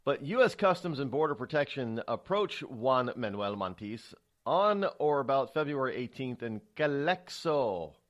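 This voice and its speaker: A man hosting a talk radio show, talking alone at a mid-range pitch. He rambles, doubles back on his words and drops in indignant remarks as he goes. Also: very animated, a little slow. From United States. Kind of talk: solo political commentary.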